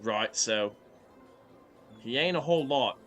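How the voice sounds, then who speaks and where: A man's voice: medium pitch, animated, slow, fairly bright tone, soft background music. A man playing a pompous male governor in a tabletop game, speaking in a grand, folksy drawl. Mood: grandiose.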